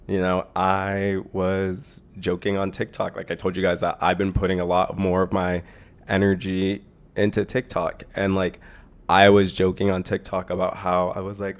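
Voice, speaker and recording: Rambling low-voiced Canadian man. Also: completely flat delivery, a little slow. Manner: rambling, repeats words, many fillers. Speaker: podcast host. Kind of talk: casual solo podcast monologue.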